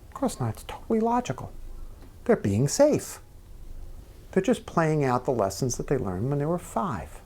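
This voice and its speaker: Middle-aged man, earnest storyteller, gravelly, mid-pitched, soft asides. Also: sing-song, moderate pace. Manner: earnest storyteller, drops to near-whisper at times. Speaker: guest speaker. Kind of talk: onstage conversation. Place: small members' club event room.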